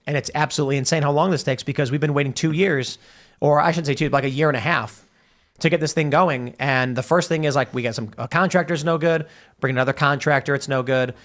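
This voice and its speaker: A man's voice: mid-range voice, fairly bright tone. A man hosting a talk show, reading viewer messages aloud and rambling through a long story. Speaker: podcast host. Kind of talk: casual talk-show banter.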